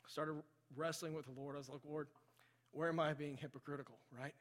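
A man's voice: fairly high pitch, steady tone, fast, fairly bright tone, long reverb tail. A man preaching a sermon in a church, telling a story and building to impassioned emphasis. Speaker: pastor. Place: church sanctuary.

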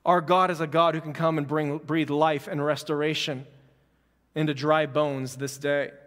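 High-voiced preacher in a reverberant room. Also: male voice, flat delivery, moderate pace, a bit bright. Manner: conversational, fervent preaching with repetition. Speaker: pastor. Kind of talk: sermon.

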